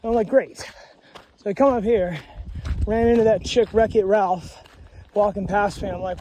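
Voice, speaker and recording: A man's voice: high voice, steady tone, fairly quick, mellow, slight background noise. A young man vlogging outdoors on a hiking trail, talking casually with slang and swearing, ranting about other hikers. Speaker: long-distance hiker filming his trail day. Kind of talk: casual vlog.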